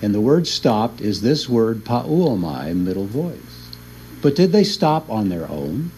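A man's voice: on the low side, big pitch swings, takes it slowly, a little mellow, slight background noise, rough recording. Chuckling man teaching a Bible class. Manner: chuckles often while explaining. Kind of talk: classroom lecture.

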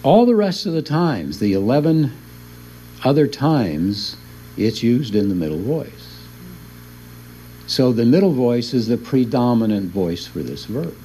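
Guy teaching bible class, mellow warm voice, keeps chuckling as he explains. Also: medium pitch, very animated, measured pace, slight background noise, poor audio. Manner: chuckles often while explaining. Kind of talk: classroom lecture.

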